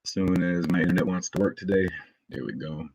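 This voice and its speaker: A man hosting a casual livestream, greeting his chat with hype and friendly shout-outs before talking loosely through a walkthrough in his morning voice. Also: sits low, a little fast, vocal fry, a little hiss or hum. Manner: laid-back, loose and rambling. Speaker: crypto livestream host.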